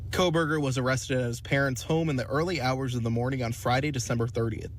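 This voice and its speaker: A man working as a television news reporter, speaking in a crisp, steady broadcast delivery while reporting live from outdoor scenes. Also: mid-range voice, quick pace, slight background noise.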